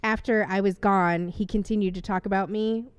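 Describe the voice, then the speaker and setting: A woman guest on a podcast, chatting casually and telling excited, laughing stories. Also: medium pitch, normal speed, clear, resonant tone, no echo. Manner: bubbly, laughing storyteller. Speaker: guest cosplayer.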